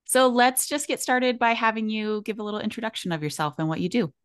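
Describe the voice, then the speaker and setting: A woman's voice: on the high side, fast, clean tone. A woman hosting an interview and asking friendly, open questions. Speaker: podcast host. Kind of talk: casual interview.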